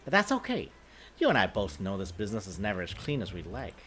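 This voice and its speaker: A man's voice: on the low side, huge pitch swings, fast, fairly bright tone, slightly rough, pitched below the performer's own voice, full character voice. A man voicing a confident woman supervillain thief in a video game, breezy and reassuring as she plots.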